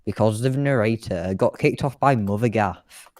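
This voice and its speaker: A man's voice: fairly low pitch, normal speed, darkish tone, no echo. A British man streaming live, doing playful mock airshow commentary in a jokey announcer voice.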